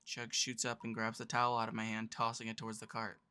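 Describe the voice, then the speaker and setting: A man reading a visual novel aloud in the first person, narrating in a casual, low-key way. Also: monotone, fast talker, pushed and bright, clear, resonant tone, no echo.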